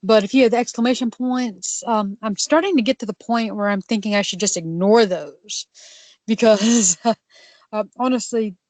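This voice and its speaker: A woman's voice: a little high, darkish tone, dry recording. Laughing woman podcaster, dry sound. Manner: laughs often, quick to jump in. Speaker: podcast co-host. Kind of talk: casual chat about games.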